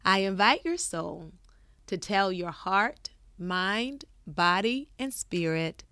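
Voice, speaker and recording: A middle-aged woman therapist speaks in a gentle, encouraging self-help talk at an ordinary pitch. She often asks "right?" to check in with listeners. The recording is dry and close, with no room sound. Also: animated, slow, smooth, dry recording. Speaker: therapist and podcast host.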